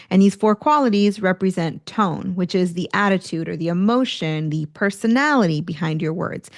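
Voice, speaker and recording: An energetic woman hosts a career-coaching podcast in a clear, mid-pitched voice. She talks straight to the listener and acts out examples of tone as she teaches. The mic sits close in a dry room. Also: dry recording. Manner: energetic, demonstrates tone shifts, occasional laughs.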